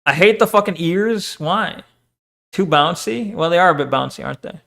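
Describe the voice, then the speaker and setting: Casual rambling male streamer, higher voice. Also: lively intonation, normal speed, creaky, fairly bright tone. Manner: rambling, swears often, reads chat aloud.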